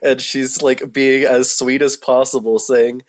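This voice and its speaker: Tabletop player, gentle soothing narration, mid-range voice. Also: medium pitch, little pitch movement, unhurried. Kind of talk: casual in-game narration.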